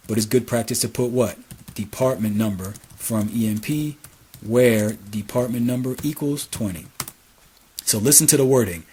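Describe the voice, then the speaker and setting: A man teaching a hands-on database lesson over a screen recording, repeating key phrases and dictating commands slowly as he types. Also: lowish voice, darkish tone, a little hiss or hum. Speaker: SQL instructor.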